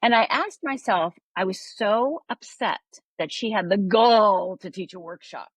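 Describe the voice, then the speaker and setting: A woman's voice: medium pitch, expressive, a little slow, breathy edge, dry recording. A woman coach on a podcast interview, telling a story animatedly and often adding "right?". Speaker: life coach guest.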